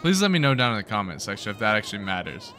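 A young man hosting a gaming video, giving excited let's-play commentary and cheering his team on with slangy outbursts. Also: fairly low pitch, rapid-fire, background noise. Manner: hyped, yelling at the game, slangy.

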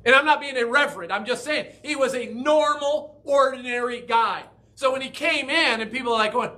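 A man's voice: very high-pitched, fairly quick, pushed and bright. A man preaching a conversational sermon as pastor in a church, often asking the congregation questions.

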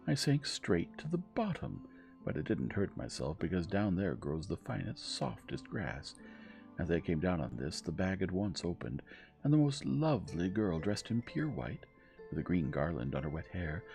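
A cheerful young trickster voiced by a man who chatters eagerly and brags about his luck. The voice is pushed up higher than the reader's own, yet stays gravelly underneath. A bedtime storybook reading with faint music behind. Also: big pitch swings, moderate pace, a little mellow, full character voice. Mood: boastful.

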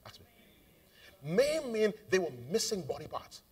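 A man with a Bahamian accent preaching a live sermon in a church auditorium. He is fervent and calls out to the congregation, moving between shouted lines, sung phrases and quiet asides. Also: high voice, very animated, unhurried, breathy edge, far from the mic. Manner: call-and-response with the congregation. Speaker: bishop preaching. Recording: live church recording, voice off-mic.

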